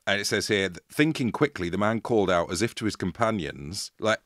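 A man's voice: fairly low pitch, a little fast, no room sound, studio quality. A man co-hosting a podcast, telling a story in a playful, jokey way. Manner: playful, jokey, lively retelling. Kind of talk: casual comedic storytelling chat.

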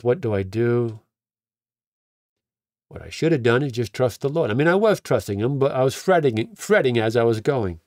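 A pastor with a medium-pitched, darkish voice tells his testimony conversationally, repeating words and acting out what people said to him. The studio sound is clean with no room sound.

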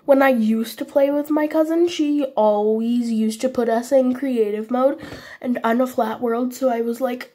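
A woman's voice: fairly high pitch, steady tone, moderate pace, dark tone. A woman giving casual, apologetic commentary on her Minecraft game for viewers. She is sniffly after a cold and speaks in a vague put-on foreign accent. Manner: chatty, apologetic, talks to viewers while playing. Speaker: gaming channel host.

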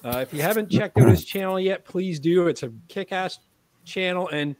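A man's voice: sits high, expressive, moderate pace, darkish tone, slight background noise. A man hosting a podcast in a loose, joking chat, poking fun at himself. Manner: jokey and self-mocking. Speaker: podcast host. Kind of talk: casual chat.

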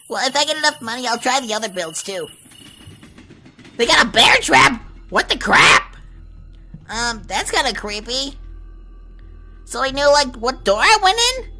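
Commenting as she explores in a let's play, a young gaming host is easily spooked and shrieks when frightened. She speaks a little high with big pitch swings, measured with frequent pauses, pushed and bright, on a rough recording with faint game music in the background.

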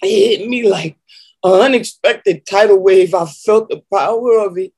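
A woman preacher giving an emotional spiritual testimony, moaning and sighing between phrases and pausing to collect herself. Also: mid-range voice, a little mellow, husky, low-quality recording.

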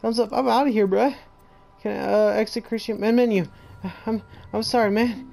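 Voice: mid-range voice, fairly even intonation, moderate pace, gravelly, a little mellow, soft background music. Jumpy slangy horror game player. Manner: jumpy, talks to the monsters, slangy; bursts into panicked repeated screams. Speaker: gamer playing a horror game. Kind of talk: horror gameplay commentary.

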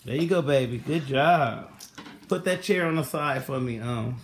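A man's voice: medium pitch, normal speed. Man, casual home-kitchen vlogger, mid voice, encouraging coach tone, light background noise. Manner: coaxing, patient, calls out directions. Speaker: vlogger teaching kids to cook. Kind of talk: casual vlog instruction.

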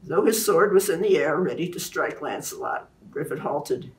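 A woman author introducing and reading aloud from her own novel in a clear, animated way. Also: sits low, normal speed, distant mic.

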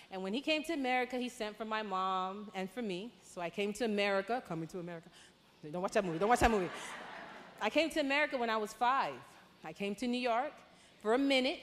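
Lively woman testifying in a big hall. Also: medium pitch. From Panama. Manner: lively, conversational, with sudden excited outbursts. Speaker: conference speaker. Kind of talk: testimony talk. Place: large church hall. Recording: hall reverb.

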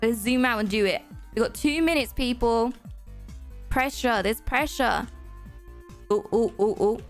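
A young woman giving excitable, self-deprecating gameplay commentary as host of a gaming channel, gasping often. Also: a little high, measured pace, faint music behind.

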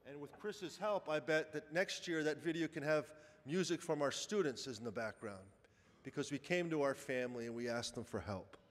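A man speaks to a church congregation in an earnest, emphatic way that still feels like conversation, his voice sitting a little high. His words ring out through a large church with a long echo. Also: normal speed. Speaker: charity director speaking at Mass. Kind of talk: heartfelt appeal from the pulpit. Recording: echoey church hall.

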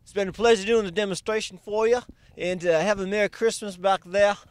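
A man with a slightly high voice talks through a science demonstration in a rambling, punning way, chuckling at his own jokes. The sound is dry and close, recorded outdoors at night. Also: steady tone, fairly quick, clear, resonant tone, no echo. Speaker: demonstrator in a science gag video. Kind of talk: jokey running commentary on a demonstration.

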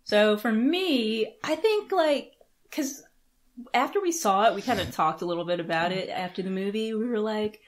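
A woman's voice: mid-range voice, animated, moderate pace. A woman co-hosting a podcast in casual chat, rambling through her points with many fillers and giggles. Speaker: podcast co-host.

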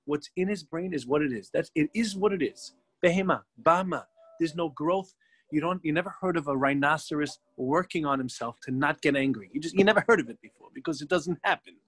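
A middle-aged man, a rabbi, teaching a religious class as a lively storyteller who acts out the people in his tale. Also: on the high side, brisk, slightly rough.

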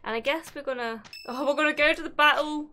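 A young woman commentating her own game play, excitable and prone to swearing. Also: high-pitched, fast talker, over music. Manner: excitable, swearing, laughing often. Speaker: gaming video host.

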